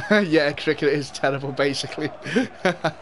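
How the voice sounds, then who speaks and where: A young man with a mild Liverpool accent and a slightly high voice talks casually to his viewers while playing. He laughs a lot and cheers on his team. A faint hiss sits under the recording. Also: normal speed, a bit bright. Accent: Liverpool Scouse, mild. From Liverpool, England. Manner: chatty, laughs often, cheers at the game. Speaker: gaming streamer. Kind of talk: live gameplay commentary and chat with viewers.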